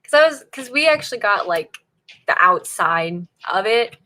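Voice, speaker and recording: A woman's voice: medium pitch, lively intonation, moderate pace, pushed and bright. A woman from Northern Virginia, hosting a writing-sprint livestream and chatting casually with viewers, laughing often as she reacts to chat. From Northern Virginia, USA.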